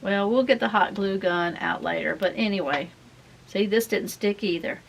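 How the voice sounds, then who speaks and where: Middle-aged woman, folksy craft vlogger, rambling chat, slight vocal fry. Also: medium pitch, moderate pace, a little hiss or hum. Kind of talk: casual chat while crafting.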